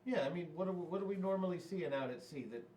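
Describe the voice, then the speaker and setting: A man playing a tabletop game, chiming in with quick, wry remarks. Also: high voice, warm tone, slight background noise. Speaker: player. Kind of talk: casual tabletop play.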